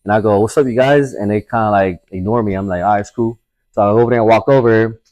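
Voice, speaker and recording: A man's voice: lowish voice, steady tone, quick pace, a little mellow, no echo. A man, a tattoo artist guest, telling a casual story full of swearing and acting out the voices of people he quotes. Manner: profane, acts out quoted voices.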